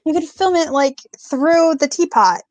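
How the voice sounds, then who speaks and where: A woman's voice: high-pitched, expressive, a little slow, no echo. Talkative woman on a video call. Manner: friendly, talkative. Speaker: guest on a livestream. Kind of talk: casual chat.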